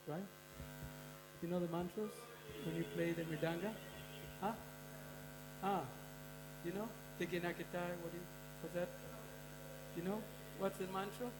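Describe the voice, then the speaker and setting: Gravelly man lecturing in a temple hall. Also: on the high side. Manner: conversational, quizzing the audience with "huh?" and "you know?". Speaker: speaker giving a scripture class. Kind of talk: devotional scripture lecture. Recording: long hall reverb with faint mains hum.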